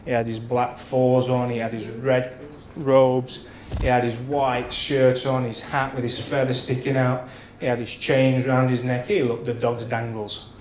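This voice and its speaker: A man's voice: medium pitch, flat delivery, unhurried, a little mellow. Guy in his 30s doing an after-dinner speech, crude stories n swearing, roomy hall, faint crowd hum behind. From England. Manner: bawdy, swearing storyteller acting out characters. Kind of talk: after-dinner anecdote telling. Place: function room at a dinner.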